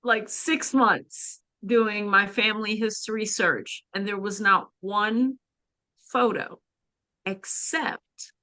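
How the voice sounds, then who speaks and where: Woman guest, earnest halting storyteller, bright tone, slow delivery, dry close sound. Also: medium pitch, no echo. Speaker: guest, spiritual practitioner. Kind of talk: personal storytelling in a podcast interview.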